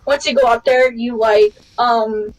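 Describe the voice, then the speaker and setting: A woman with a high voice hosts a casual podcast. She tells stories excitedly and jumps even higher in pitch when she acts out other people's lines. Her chat is loose and chatty. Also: unhurried, low-quality recording. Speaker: podcast host.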